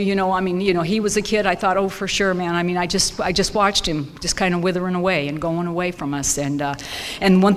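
Woman, 50s, from Southern California, wry lively storyteller, meeting share, long hall reverb. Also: fairly low pitch, slight background noise. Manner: lively, wry, acts out her own reactions. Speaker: speaker sharing at a support group meeting. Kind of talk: humorous personal storytelling to a meeting.

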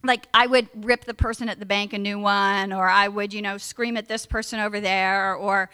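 A woman's voice: medium pitch, steady tone, normal speed, bright, forceful tone, clean tone. A middle-aged woman giving a candid personal testimony at a recovery meeting, emphatic and frank. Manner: candid, emphatic, acts out her past self in raised voice.

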